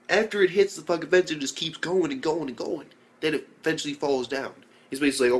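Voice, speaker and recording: A man's voice: fairly high pitch, a little fast. Young guy doing a chill anime review, swears a lot, keeps saying basically and like. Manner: loose, profane, rambling with many fillers. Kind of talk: casual video review.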